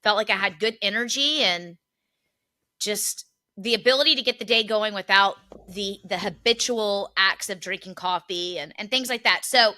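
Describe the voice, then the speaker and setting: A woman from the Philadelphia area co-hosts a podcast, her medium-pitched voice bright and forceful at a moderate pace. In casual chat, she tells a funny everyday story and laughs often.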